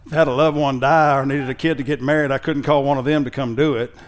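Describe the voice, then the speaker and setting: A man preaching a sermon in a conversational way that builds into loud, emphatic preaching, often using a sarcastic tone. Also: medium pitch, fairly even intonation. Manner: reads scripture in a slow, mocking sarcastic tone. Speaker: pastor.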